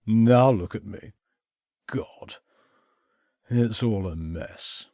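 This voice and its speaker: A tipsy young toff slurs and rambles cheerfully in a lively, bouncing voice, as a male narrator puts him on. He talks a little higher and louder than the narrator's own voice, in a dry, close audiobook recording. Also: normal speed, dry recording, lightly acted. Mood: confiding. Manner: slurring, chatty, self-pitying. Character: tipsy, rambling young upper-class man.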